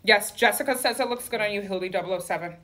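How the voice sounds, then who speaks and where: A woman's voice: medium pitch, quick pace, sharp tone. A woman running a live sale from her clothing store, with sassy, campy patter full of "okay?" and "honey". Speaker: boutique owner selling clothes on a livestream.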